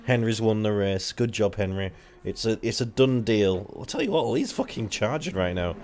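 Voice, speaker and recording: A young man commentating an online racing league live, rambling and casual, swearing freely and jumping up when the action heats up. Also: moderate pace. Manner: excitable, rambling, swears casually, jumps to high excited pitch.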